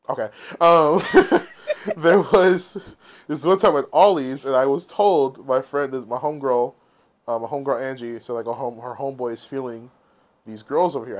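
Brief: male podcast co-host, casual storyteller, animated, swears freely. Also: medium pitch, normal speed. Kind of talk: casual chat.

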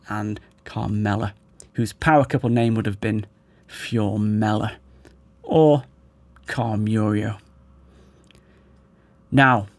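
A man hosting a podcast who is losing his voice, giving wry, animated analytical commentary. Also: mid-range voice, dry recording. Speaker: podcast host.

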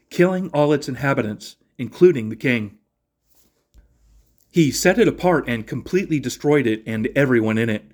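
Speaking in a medium pitch, a man hosting a podcast first reads from the Bible in an even, measured rhythm and then moves into a brief devotional reflection followed by prayer.

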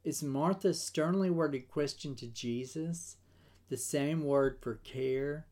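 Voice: medium pitch, slow, a little mellow. A Bible study teacher giving a scripted devotional lesson in an earnest, emphatic way, with a few restarts.

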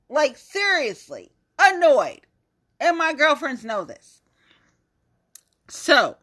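Female podcast host, unhurried, bright forceful tone, blunt exasperated delivery. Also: fairly high pitch. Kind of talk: casual ranting monologue.

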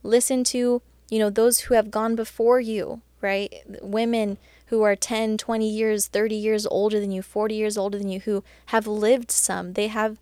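A woman's voice: mid-range voice, flat delivery, moderate pace, few pauses, mellow, no echo. A woman hosting a Christian podcast, talking in a casual, chatty and earnest way, full of "like" and "you know". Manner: earnest and encouraging. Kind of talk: casual faith talk.

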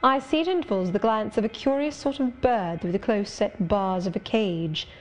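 A brooding, sardonic gentleman of middle age, voiced by a woman reading an audiobook. He speaks in a measured, wry and confiding manner. The pitch sits in an ordinary middle range. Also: natural voice. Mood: musing.

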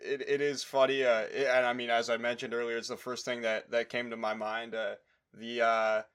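Halting male podcast host. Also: medium pitch, flat delivery, fairly bright tone, clean tone. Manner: halting, many fillers and restarts. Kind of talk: casual podcast interview.

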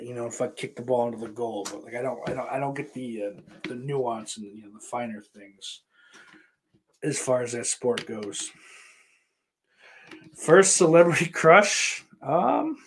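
Rambling, profane American man. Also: medium pitch. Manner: rambling, profane, self-interrupting. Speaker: streamer. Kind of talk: casual chat answering viewer questions.

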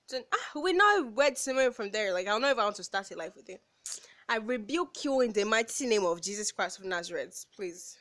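A woman's voice: mid-range voice, bright, forceful tone. A young woman with a Nigerian accent hosting a solo podcast, telling a story in a sassy, exasperated way with lots of fillers. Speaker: podcast host.

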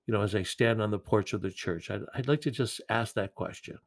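A man preaching a sermon in an earnest, gentle way, with occasional repeated words. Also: fairly low pitch, brisk, gravelly.

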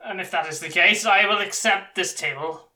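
A man's voice: high voice, moderate pace, bright, forceful tone, pitched above the performer's own voice, low-quality recording. A man voicing a haughty restaurant customer who talks in a pompous, formal way. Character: haughty male customer demanding free drinks.

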